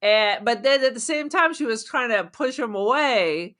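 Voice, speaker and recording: A woman with a bright, slightly high voice, chatting casually as a podcast co-host. She jokes, teases and pokes holes in the story. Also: animated. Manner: joking, skeptical, quick to tease. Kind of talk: casual chat about a horror film.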